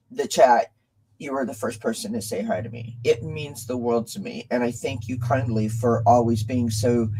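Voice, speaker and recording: A man's voice: mid-range voice, a little mellow, low-quality recording. A man hosting a live tarot stream, emotionally thanking his viewers and reading their comments. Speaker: tarot reader and channel host.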